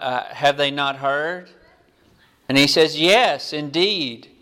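Man preaching, slow and deliberate, smooth resonant voice, reads scripture aloud. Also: mid-range voice, a bit bright. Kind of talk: sermon.

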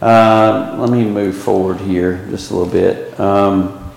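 A man teaches a Bible class in a deep, steady, creaky voice with a slightly mellow quality, speaking slowly. He rambles with lots of fillers and restarts, pushing his rhetorical questions upward with emphasis, and the echoey hall gives a long reverb.

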